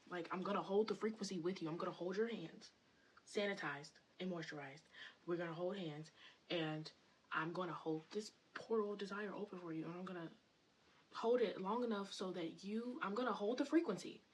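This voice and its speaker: A woman's voice: fairly low pitch, a little hiss or hum, rough recording. A woman spiritual content creator in a casual, rambling vlog monologue, full of fillers and enthusiasm.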